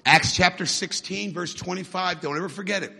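A man preaching a fiery sermon, often shouting and building to fervent peaks. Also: high-pitched, fairly quick, vocal fry, slightly rough, long reverb tail.

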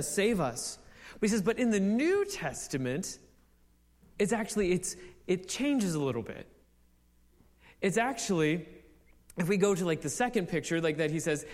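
A young man preaching a sermon in a conversational way, with many fillers, building to excited exclamations. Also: sits high, in a large hall.

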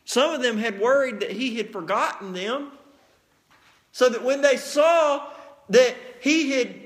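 A man preaching a sermon, telling Bible stories with lively acted-out scenes and plain, folksy asides. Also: extremely high pitch, a little slow. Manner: animated storytelling, acts out scenes.

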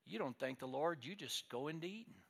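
A blunt ten-year-old boy blurts out his thoughts at the dinner table, as a man puts him on in a bright, slightly raised voice. He speaks plainly and without tact. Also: a little high, animated, fairly quick, vocal fry, heavily acted. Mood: blurting.

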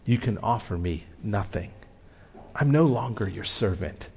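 Brave male pilgrim read by a man, firm and defiant, unhurried. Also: on the low side, lively intonation, vocal fry, darkish tone, a little hiss or hum, pitched below the performer's own voice. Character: steadfast male pilgrim warrior.

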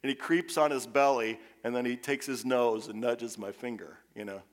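A man preaching a sermon as pastor, impassioned, swinging from hushed, quiet passages to loud, urgent ones. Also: mid-range voice, moderate pace.

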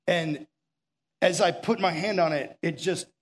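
A young adult pastor with a fairly high voice preaches a little slowly, earnest and urgent. His storytelling is conversational and sprinkled with fillers, and he drops now and then into quiet, intimate passages.

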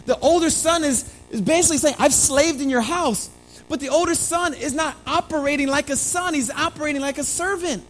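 A pastor preaching a sermon, calling listeners family, moving between quiet, slow lines and emphatic ones, with playful asides. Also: sits high, a little hiss or hum, rough recording. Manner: animated, swinging between hushed and emphatic delivery.

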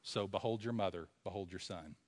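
A male preacher voicing a tender dying man who speaks softly and gently to his mother and his friend. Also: low voice, a little fast, pitched below the performer's own voice. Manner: soft, hushed, gentle.

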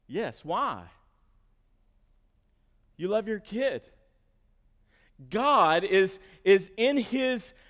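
A male pastor delivers a sermon in a high voice, repeating words as he starts his phrases. He swings from soft asides to loud emphasis. His voice rings with long reverb in a church sanctuary.

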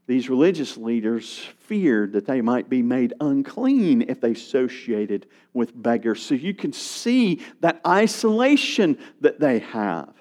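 A man preaching a sermon, telling stories and acting out the voices in them. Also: medium pitch. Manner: animated preaching, acts out voices of beggars. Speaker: pastor.

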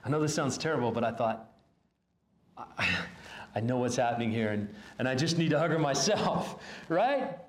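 A man's voice: mid-range voice, expressive. Earnest man preaching in an echoey room. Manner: earnest, halting, restarts phrases when moved. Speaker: pastor. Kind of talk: sermon.

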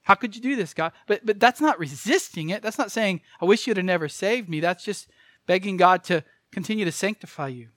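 Earnest high-voiced male preacher. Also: expressive, a little fast, no echo, studio quality. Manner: earnest, emphatic, repeats key phrases. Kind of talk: sermon.

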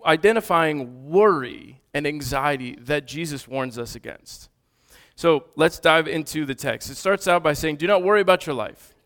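A man's voice: fairly high pitch, expressive, moderate pace, a bit bright. A man in his thirties, a father of toddlers, preaching an earnest, conversational sermon with frequent restarts. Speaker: pastor.

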